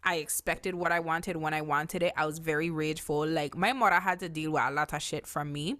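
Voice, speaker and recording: A woman's voice: sits low, steady tone, fairly quick, fairly bright tone. Candid, profane woman on a podcast. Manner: candid, profane, filler-heavy. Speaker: podcast co-host. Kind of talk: casual chat.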